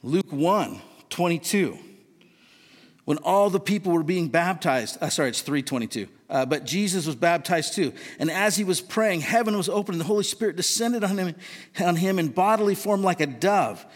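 A man's voice: sits high, animated, normal speed. A man preaching a sermon in an earnest, questioning, conversational way. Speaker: pastor. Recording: long reverb of a large hall.

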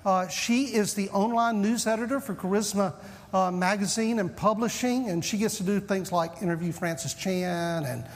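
In a large hall, a Southern US pastor in his fifties opens his sermon with folksy, self-deprecating stories. He speaks at a normal pace in a high-pitched voice.

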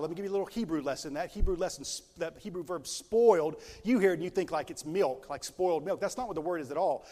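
A man preaching a sermon as a pastor, emphatic and stretching key words slowly for weight. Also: high-pitched, darkish tone. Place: large church sanctuary. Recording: long reverb of a large hall.

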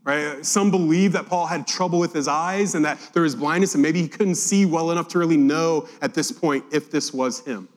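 A man's voice: a little high, normal speed, hardly any pauses. A man preaching a Bible-teaching sermon, reading scripture aloud and acting out the quotes with animation. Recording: long hall reverb.

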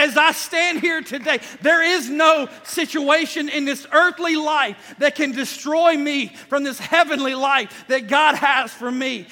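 High-voiced man preaching in reverberant church. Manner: emphatic preaching, repeats phrases, rises to shouts. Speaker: pastor. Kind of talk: sermon. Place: church sanctuary.

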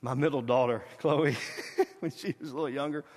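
A middle-aged man preaching a guest sermon, animated and urging the congregation to repeat after him, at times dropping to a quiet hush. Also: medium pitch, brisk. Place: church sanctuary. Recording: reverberant church hall.

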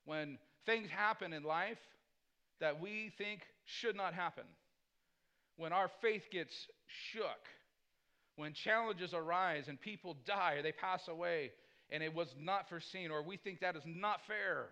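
A man's voice: high-pitched, unhurried, sharp tone, clear, resonant tone. A man preaching a conversational sermon as pastor, mixing personal stories with scripture and often asking "Amen?". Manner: punctuates points with "Amen?".

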